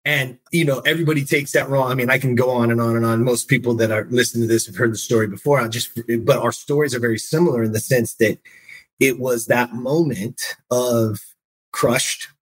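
Husky-voiced man telling a story with conviction. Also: medium pitch, brisk. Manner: emphatic storyteller, keeps asking "right?". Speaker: podcast host. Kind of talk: motivational podcast conversation.

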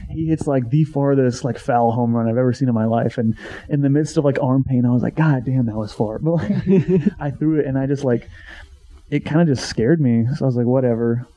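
Dark-voiced young man, casual storytelling. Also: medium pitch, a little hiss or hum. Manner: swears freely, acts out his own past remarks. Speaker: former college baseball pitcher. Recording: dull lo-fi sound.

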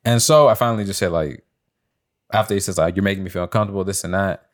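A man's voice: low voice, quick pace. A young man on a podcast, casually telling a story, acting out quotes in a raised voice and swearing often. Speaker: podcast co-host. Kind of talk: casual storytelling among friends.

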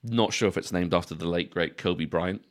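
Deep-voiced young british guy on a podcast, rambling, swears a lot, laughs at his own jokes. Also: moderate pace. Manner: swears freely, laughs often, rambling asides. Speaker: podcast co-host. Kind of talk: casual podcast chat.

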